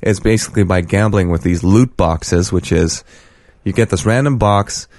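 A young man hosting a podcast in a casual chat, sardonic and deadpan, swearing often. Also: sits low, moderate pace, no room sound, clean studio sound. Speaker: podcast host.

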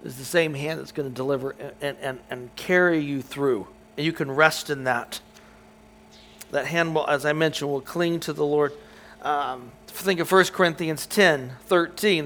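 A man's voice: fairly high pitch, normal speed, fairly bright tone, slight background noise. A man preaching an expository sermon to his congregation, earnest and emphatic, often repeating words as he restarts. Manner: answers questions from the room. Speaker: preacher teaching a Bible study.

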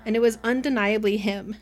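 A woman co-hosting a casual book club podcast, retelling scenes in an animated way and acting out the characters' lines. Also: a little high, moderate pace. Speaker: podcast co-host.

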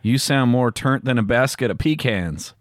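A man making a prank call who fires off casual questions in a deadpan tone. His voice sits at an ordinary pitch. It is recorded close and dry. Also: moderate pace, dry recording. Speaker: prank caller.

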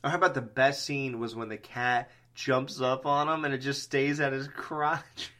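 A man co-hosting a movie podcast in casual chat, animated and swearing freely, laughing often. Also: medium pitch, moderate pace. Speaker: podcast co-host.

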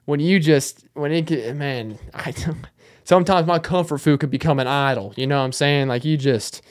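Talking alone on his podcast, a young man with a voice on the high side wanders casually from thought to thought at normal speed. The monologue is self-mocking.

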